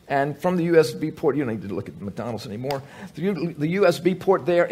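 A man preaching a sermon, joking with the congregation and telling animated stories, with many fillers and restarts. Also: medium pitch.

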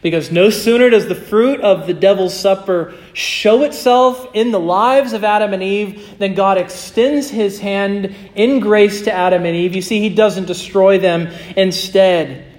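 A male pastor preaching a sermon and closing in prayer, earnest, slowing and softening his voice for emphasis. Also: sits high.

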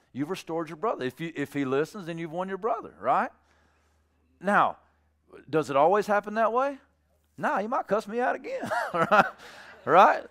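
A man delivering a sermon in a folksy, plainspoken manner, joking with his congregation. His voice is smooth and resonant, of average pitch. He moves between hushed, low phrases and loud, high-pitched bursts. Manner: animated preaching, swings from low and soft to loud and high. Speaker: pastor.

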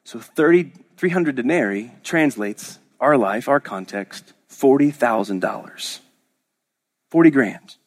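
A man's voice: medium pitch, expressive, unhurried. A man from Oklahoma preaching a sermon as pastor, in a conversational, joking storytelling manner with frequent restarts.

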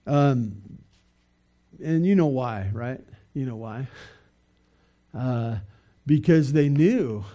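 Halting male preacher, mellow voice. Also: mid-range voice, animated, dull audio. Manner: conversational, halting with many fillers and restarts. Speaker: pastor. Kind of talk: sermon. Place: church.

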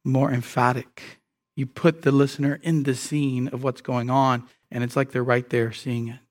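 A man preaching an expository sermon, emphatic and often repeating words as he teaches. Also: fairly high pitch.

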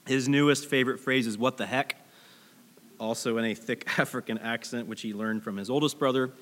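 A man's voice: mid-range voice, steady tone, quick pace, fairly bright tone, big-room sound. A man in his thirties preaching a sermon as pastor, telling stories in a conversational way and speaking directly to the congregation. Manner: conversational, storytelling with asides to the congregation. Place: church sanctuary.

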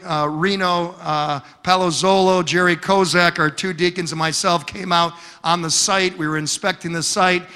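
Male pastor, bright and high, slow, deliberate sermon delivery, humorous storyteller. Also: long reverb tail. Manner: storytelling with humor and emphatic repetition.

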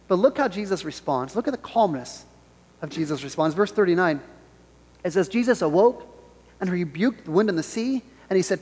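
Male pastor, high-pitched voice, animated sermon, repeats key phrases, long church-hall reverb. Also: moderate pace, husky.

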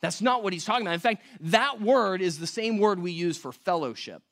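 A man's voice: high voice, lively intonation, brisk, fairly bright tone. A man preaching a sermon as pastor in a church, talking conversationally, asking rhetorical questions and correcting himself aloud.

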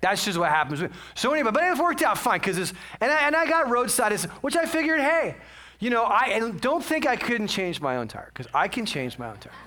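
Bright, high-voiced chatty preacher man. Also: big pitch swings, brisk. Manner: chatty and self-mocking, many asides. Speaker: pastor. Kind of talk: casual storytelling sermon.

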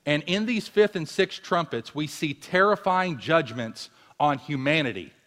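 A man's voice: on the high side, animated, unhurried, fairly bright tone. A man preaching a sermon with emphasis, repeating words for force as he builds his points. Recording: long hall reverb.

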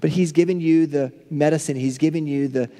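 A male pastor preaching a sermon, building to impassioned peaks and then falling to hushed, soft prayer. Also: fairly high pitch, fairly even intonation, brisk, in a large hall. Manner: impassioned, rising to near shouts then dropping to hushed tones.

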